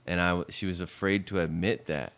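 A man's voice: sits low, brisk, a bit bright, smooth. A man co-hosting a podcast, recapping a movie with wry, laid-back asides. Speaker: podcast co-host. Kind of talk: casual movie recap chat.

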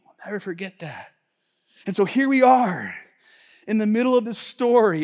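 A male pastor preaching a sermon in a casual, slangy storytelling manner that swings between hushed asides and loud outbursts. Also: sits high. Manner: casual slangy talk, many fillers and restarts. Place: church sanctuary. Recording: long reverb of a large church hall.

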